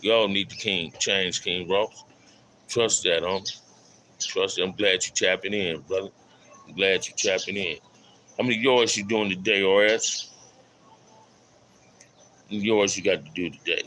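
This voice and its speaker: A deep-voiced middle-aged man talks loosely to his livestream audience, repeating himself and shouting out viewers by name in street slang. His voice is low but bright and forceful, with a faint hiss of room noise behind it. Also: normal speed, pauses often, rough recording. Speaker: livestream host. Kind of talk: casual live stream talk reading chat.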